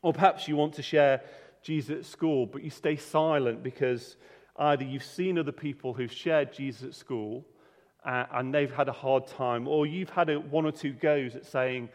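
A man's voice: mid-range voice, moderate pace. Man preaching in a reverberant hall. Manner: conversational, with frequent restarts and repeated words. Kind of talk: sermon.

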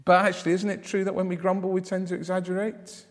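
This preacher's voice sits high, with a level tone and a quick pace. He delivers his sermon conversationally, regularly posing rhetorical questions to the congregation, in a recording with long hall reverb.

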